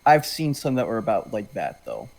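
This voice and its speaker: A man's voice: fairly low pitch, huge pitch swings, normal speed, creaky, a little mellow, low-quality recording. A man appearing as a guest on a casual chat show, talking offhand and reading passages aloud.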